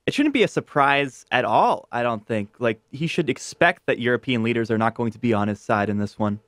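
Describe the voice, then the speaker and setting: Smooth-voiced male co-host, dry sound. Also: mid-range voice, lively intonation, fairly quick, fairly bright tone, no echo. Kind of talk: casual chat.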